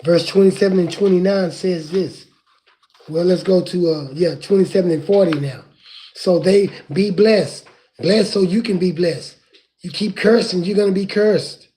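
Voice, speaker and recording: A man preaching from scripture in an impassioned way, rising at times to crying shouts. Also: high-pitched, moderate pace.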